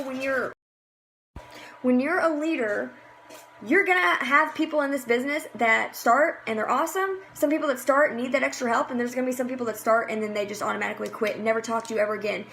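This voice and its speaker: A woman's voice: fairly high pitch, a bit bright, slight background noise. Chatty woman coaching her team. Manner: chatty, full of fillers, acts out cheery messages. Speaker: team leader in direct sales. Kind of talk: casual motivational talk to her team.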